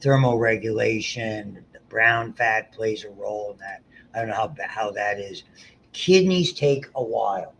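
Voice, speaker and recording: A man's voice: fairly low pitch, unhurried, gravelly, a bit bright, slight background noise, low-quality recording. A man around seventy giving a casual, rambling biology lecture to students, full of asides and restarts. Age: about 70.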